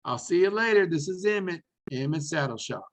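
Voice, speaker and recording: A man voicing an excited eighty-five-year-old saddle maker with a country twang, delivering a folksy pitch. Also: brisk.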